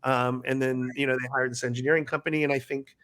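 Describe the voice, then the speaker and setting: A middle-aged man, a former ride skipper, telling stories in a casual interview and acting out riders' squeals in a high voice. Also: level tone, quick pace, a bit bright.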